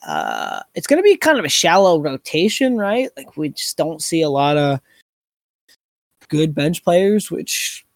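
A man's voice: a little high, huge pitch swings, unhurried, dry recording, clean studio sound. A man co-hosting a fantasy basketball podcast, talking casually with lots of fillers. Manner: conversational, hedging fillers. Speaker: podcast co-host.

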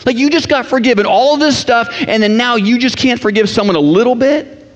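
A man voicing an outraged, incredulous listener in a much higher voice than his own. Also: a little fast. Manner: incredulous, exasperated. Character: outraged man shouting at an unfair servant. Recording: echoey hall, dull sound.

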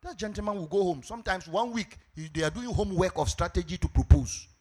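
A male pastor with a Ghanaian accent preaching a sermon, animated, breaking into sung phrases and shouts. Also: high-pitched, quick pace.

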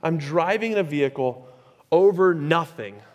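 A male pastor preaching a sermon in a conversational, animated way, with chatty asides. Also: a little high, normal speed, highs cut off. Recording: echoey hall with long reverb.

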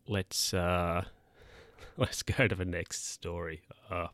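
A man's voice: sits low, little pitch movement, slow, fairly bright tone, no echo. A man telling stories casually to camera as a vlogger, rambling and chatty. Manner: rambling, chatty, with mock-quoted voices.

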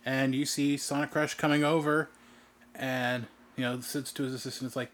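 A man's voice: mid-range voice, flat delivery, moderate pace, fairly bright tone. A man narrating a tabletop game as game master in loose, casual speech. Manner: loose, filler-heavy narration.

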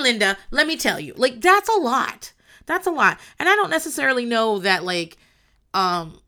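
Loud animated woman with a bright voice. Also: mid-range voice. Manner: animated, swears freely, acts out quotes, laughs often. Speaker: podcast host recapping a reality show. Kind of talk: casual chat.

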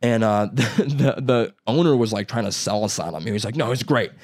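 A young man with a lowish voice rambles through a story, stuffing it with "dude" and "like." He slips into quick impressions of the people in it. The sound is close and dry, with no room around it. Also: a little mellow, no room sound. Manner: acts out other people's lines in quotes. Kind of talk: casual chat.

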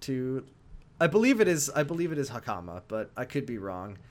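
A man co-hosting a casual chat about a video game, excitable and laughing often as he retells scenes. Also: medium pitch, brisk. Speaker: podcast co-host.

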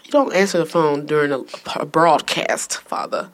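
A woman's voice: sits low, animated, moderate pace. A young woman hosting a casual family podcast, teasing and laughing often as she banters. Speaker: podcast host.

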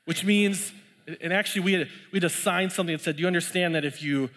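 A man's voice: high voice, fast talker, fairly bright tone, long reverb tail. A man preaching a sermon, telling a personal story in a conversational way and laughing often. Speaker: pastor sharing testimony. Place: church.

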